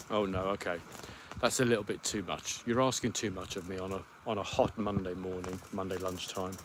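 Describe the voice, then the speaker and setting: A man hosts a relaxed solo livestream from home, letting his thoughts wander aloud and filling the gaps with ums. His voice sits on the low side. A faint hiss runs underneath. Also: fairly quick. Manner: rambling, thinks aloud with many ums. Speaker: podcast host. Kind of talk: casual solo livestream chat.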